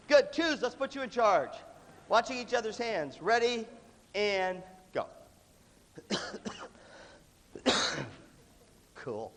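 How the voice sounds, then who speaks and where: A middle-aged man leading a workshop for students, energetic and playful, often acting out other people's voices. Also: high voice, drawn-out words, pauses often, slight background noise. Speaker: music clinician. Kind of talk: animated workshop talk to students. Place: large hall with a live audience. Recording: hall reverb from a big room.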